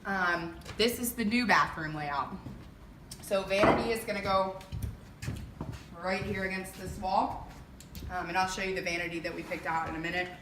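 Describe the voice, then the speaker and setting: A young woman giving a casual walkthrough of her home renovation, chatty and filling pauses with lots of ums. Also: fairly low pitch, noisy background. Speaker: homeowner giving a renovation tour. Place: empty house under renovation, indoors. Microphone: camera mic held by another person. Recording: echoey bare room, voice off-mic.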